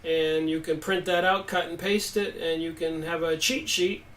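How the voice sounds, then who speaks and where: Male live stream host, emphatic, answers viewer comments; high pitch, distant mic. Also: fairly even intonation, normal speed, fairly bright tone.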